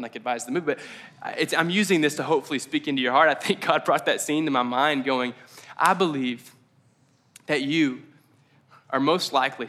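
Male pastor, conversational preaching, bright clear tone, drawn-out emphasis. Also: medium pitch. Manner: conversational, rambling asides, slows down for emphasis. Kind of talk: casual sermon. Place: church service.

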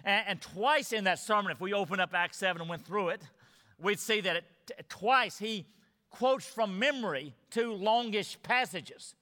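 A man's voice: high-pitched, moderate pace, pushed and bright, long reverb tail. A male pastor preaching a sermon, emphatic, repeating parallel phrases for stress.

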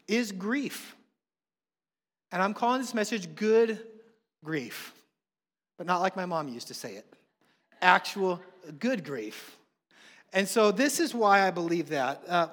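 A man preaching a sermon as pastor, animated and acting out quoted voices as he tells stories. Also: sits high. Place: church hall with congregation. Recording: long reverb of a large hall.

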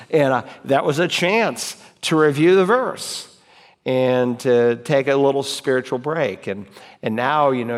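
Man teaching a Bible class in a reverberant hall. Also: medium pitch. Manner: conversational, repeats key phrases, recites verses aloud to demonstrate.

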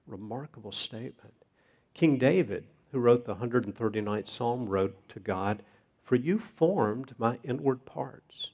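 A man preaching a sermon, reading scripture in a measured way. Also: mid-range voice, lively intonation, a little mellow, breathy edge. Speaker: pastor.

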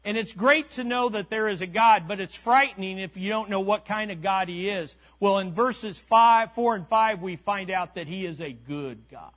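A man's voice: sits high, fairly bright tone. A man preaching a sermon, emphatic and repetitive, calling out to the congregation. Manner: emphatic, repeats key lines slowly; calls to the congregation. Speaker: pastor.

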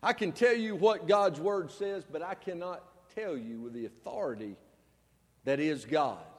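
A man, a pastor, preaching a sermon, his voice swinging between loud outbursts and hushed, low passages. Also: lively intonation, measured pace. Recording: long hall reverb.

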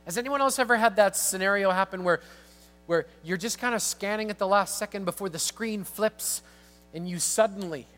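A high-pitched pastor preaches a sermon, telling a story animatedly as his delivery swings from hushed to excited.

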